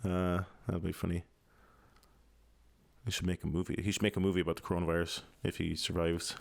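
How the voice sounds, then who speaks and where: Low-voiced Irish guy rambling at home. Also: level tone, brisk, creaky. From Ireland. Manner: mumbling, sweary, with many fillers. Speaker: podcast host. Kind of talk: casual rambling monologue. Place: home apartment.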